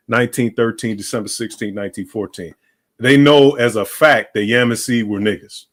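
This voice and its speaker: A man hosting a livestream, ranting in a blunt, profane and dismissive way. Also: a little high. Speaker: livestream host. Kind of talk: heated casual rant.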